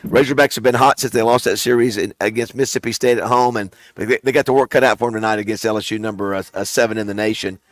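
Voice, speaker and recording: A male radio morning host, talking sports in a chatty, halting way on a live remote broadcast. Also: fairly low pitch, fairly even intonation, dry recording. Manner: chatty, halting, many fillers. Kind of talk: live on-location radio chat.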